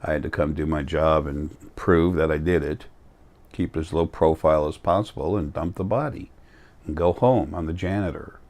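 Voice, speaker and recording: A man with a very deep, low-pitched voice talks straight to camera in a loose, rambling monologue. He sounds tired, blunt and defiant, brushing off criticism in plain words. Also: moderate pace, a little mellow. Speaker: vlogger.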